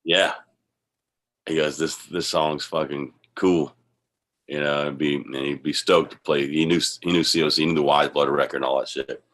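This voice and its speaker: A man telling a casual, animated story, heavy on swearing and bursts of laughter. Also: extremely low pitch, a little fast. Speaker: guest musician.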